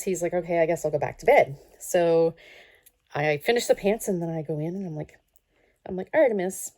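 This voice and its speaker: Woman crafting host, casual rambling chat, mellow gravelly voice. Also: on the low side. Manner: chatty, rambling storyteller, talks to herself while working.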